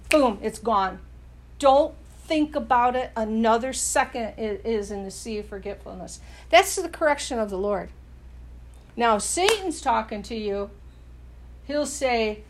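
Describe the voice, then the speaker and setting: A woman with a fairly high voice preaches casually and earnestly. She talks like she is chatting, restarting phrases and checking in with her listeners as she goes. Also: lively intonation, unhurried, a little hiss or hum. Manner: earnest, conversational, frequent restarts and "you know".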